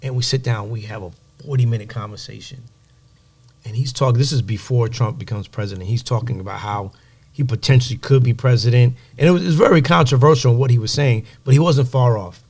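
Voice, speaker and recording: A man as a podcast guest, telling animated stories and giving emphatic motivational advice. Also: medium pitch, quick pace. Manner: animated storyteller, acts out quoted voices. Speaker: guest, music executive. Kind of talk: storytelling in a podcast interview.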